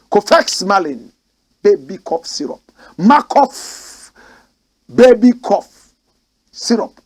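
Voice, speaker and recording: A man hosts a commentary show. He reads news aloud in a husky, slightly high voice and breaks off into heated, emotional asides. His pitch swings widely as he reads and rants. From Ghana. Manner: emotional, rants and exclaims between read passages.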